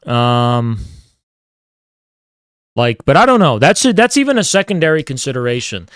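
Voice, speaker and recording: With big pitch swings around a medium pitch, a man rants casually while hosting a livestream, swearing heavily and tossing out mock-grandiose taunts. His tone is a bit bright at a moderate pace, and the recording is dry and studio quality.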